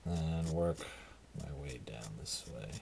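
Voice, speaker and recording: A man's voice: rumbling low, slow pace, vocal fry, background noise. A tired man talking casually through his hobby crafting work, rambling and self-deprecating. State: tired, yawning. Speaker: hobby video maker.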